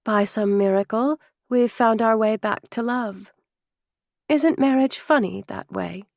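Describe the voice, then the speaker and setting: Narrator lady putting on a gushy teasing rich sister, storybook style, bit higher than her usual. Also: measured pace, creaky, a little mellow, dry recording, studio quality. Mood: wistful. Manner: gushing, teasing. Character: effusive older sister, fashionable, playful woman.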